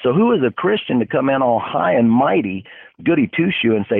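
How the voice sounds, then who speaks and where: A man hosts a casual faith talk in a blunt, preachy, fired-up way. His voice sits at an ordinary pitch. It comes through a narrow, telephone-like band with no room sound at all. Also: big pitch swings, fairly quick, vocal fry, slightly rough, no room sound. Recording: narrow phone-like dry sound.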